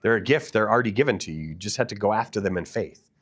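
Low-voiced man preaching a sermon. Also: lively intonation, fast, fairly bright tone, slightly rough. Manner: earnest, asks the listeners direct questions. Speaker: pastor.

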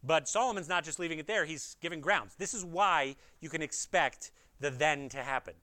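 A man's voice: on the high side, moderate pace, sharp tone, dry recording. A man preaching an expository sermon, earnest, pressing his point with rhetorical questions and speaking straight to his listeners. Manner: addresses listeners directly.

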